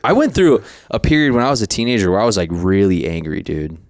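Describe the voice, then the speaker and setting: A man's voice: on the low side, very animated, quick pace, no echo, studio quality. A man co-hosting a podcast, telling childhood stories in casual chat and laughing as he acts out quotes. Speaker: podcast co-host.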